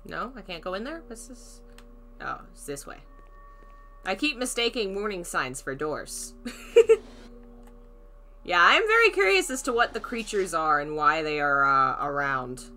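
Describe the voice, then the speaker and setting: A woman's voice: fairly low pitch, big pitch swings, measured pace, long pauses, pushed and bright, slight background noise. A woman streaming a horror game, chatting casually, thinking aloud, greeting viewers and laughing often. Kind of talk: casual let's-play commentary.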